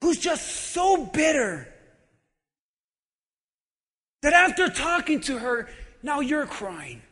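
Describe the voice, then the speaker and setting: A male pastor delivers an animated, humorous sermon, swinging from shouts to quiet talk. His voice is very high and bright, his delivery unhurried. The long reverb of a large hall carries every word.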